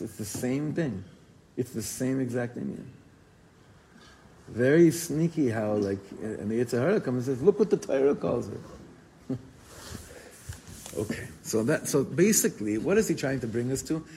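A man giving an informal, animated Torah class, telling stories and mixing in Hebrew and Yiddish words. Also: medium pitch, gravelly, slight background noise, rough recording. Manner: animated storytelling, code-switching with Hebrew and Yiddish terms.

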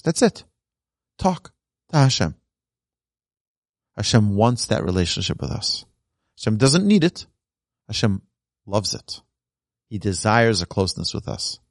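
A man leads a religious lesson as a rabbi, with a voice of ordinary pitch. He tells his points as stories and acts out the people in them with animation. The sound is dry, with no room echo. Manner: animated storyteller who acts out quoted voices. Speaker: rabbi teaching a podcast class. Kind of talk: storytelling Torah lesson.

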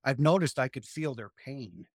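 Man, 50s, earnest, repetitive, mid pitch, dry room. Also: animated, dry recording. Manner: earnest, repeats phrases, slows for emphasis. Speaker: guest. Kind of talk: spiritual interview talk.

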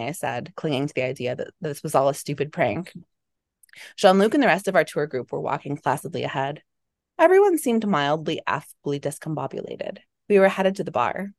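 A woman author reading aloud from her own novel with an expressive, dramatic delivery. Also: deep voice, moderate pace, no echo, studio quality. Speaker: author and guest.

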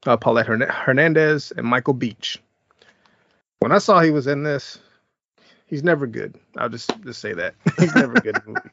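A man's voice: medium pitch, lively intonation, moderate pace, creaky, pauses often, a bit bright, dry recording, dull audio. A man hosting a podcast, giving a laid-back, chuckling movie review and recapping the plot. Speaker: podcast host.

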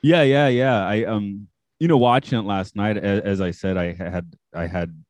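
A man hosting a casual podcast, easygoing and often laughing, with halting fillers. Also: lowish voice, darkish tone, no room sound. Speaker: podcast host.

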